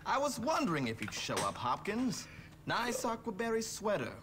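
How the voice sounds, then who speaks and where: An actor playing a snobbish, affected rich preppy schoolboy in video game dialogue, with a haughty put-on English drawl. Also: male voice, high voice, wildly swooping pitch, moderate pace, background noise. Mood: smug.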